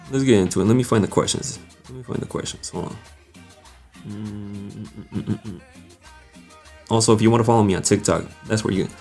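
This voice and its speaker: A man's voice: medium pitch, darkish tone. Young man, live stream host, casual chat, laughs often, faint music behind. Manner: greets viewers by name, laughs often, reads comments aloud.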